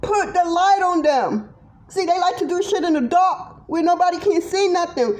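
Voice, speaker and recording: A woman's voice: very high voice, expressive, normal speed, darkish tone. A middle-aged woman giving a tarot reading monologue to viewers, blunt, profane and impassioned. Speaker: tarot reader.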